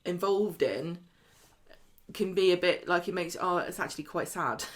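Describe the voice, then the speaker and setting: A woman with a slightly low voice co-hosts a casual chat. She teases and makes blunt, brisk remarks. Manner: brisk, teasing, blunt asides. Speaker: podcast co-host. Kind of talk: casual chat reviewing a soap.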